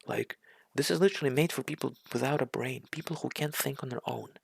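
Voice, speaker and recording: Husky gravelly man ranting in disbelief. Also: medium pitch, fast talker, no echo. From Russia. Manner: incredulous, sarcastic, stammering restarts. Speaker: reaction commentator. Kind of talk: ranting reaction commentary.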